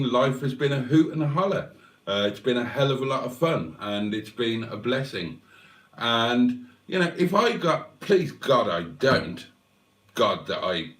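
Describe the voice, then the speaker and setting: A man's voice: medium pitch, a bit bright. An older man, hosting a casual livestream and rambling emotionally, swearing freely. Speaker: livestream host. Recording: echoey room.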